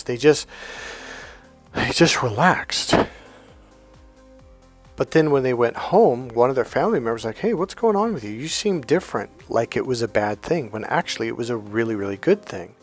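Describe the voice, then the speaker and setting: A man coaching in a casual motivational monologue, talking conversationally with frequent restarts and quoted dialogue. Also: mid-range voice. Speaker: dating and healing coach.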